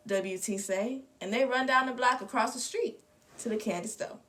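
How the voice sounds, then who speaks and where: A woman reading a storybook aloud with expressive, lively narration. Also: a little high, moderate pace. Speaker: reader. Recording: distant mic.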